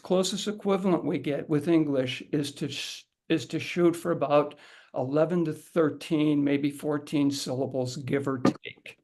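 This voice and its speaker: Man, middle-aged, teacher, gravelly tone, casual instructional talk, restarts and repetitions. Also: fairly high pitch, a little mellow. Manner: conversational, repeats words and restarts, demonstrates aloud. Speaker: haiku teacher leading a workshop.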